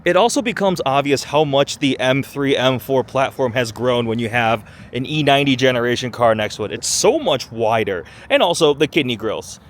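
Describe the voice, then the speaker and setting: A man's voice: medium pitch, normal speed, hardly any pauses. A man reviewing a sports car in a casual vlog, chatty and enthusiastic. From Michigan, USA. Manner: enthusiastic, chatty, rising excited exclamations. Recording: noisy outdoor car recording.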